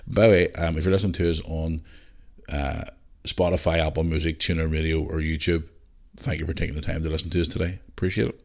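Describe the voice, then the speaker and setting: A man's voice: very deep voice, fairly even intonation, fast talker, creaky. A man hosting his own podcast in a loose, chatty way, swearing freely as he talks to listeners. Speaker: podcast host. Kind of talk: casual solo podcast chat.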